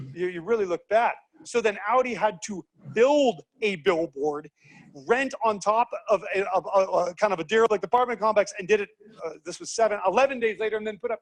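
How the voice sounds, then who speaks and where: A man from the United States gives a lively seminar talk to a group. His voice sits high, and he keeps asking the room questions. He jumps into quick impressions of the people in his story. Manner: animated, acts out quoted voices, asks the audience questions. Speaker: speaker teaching leadership.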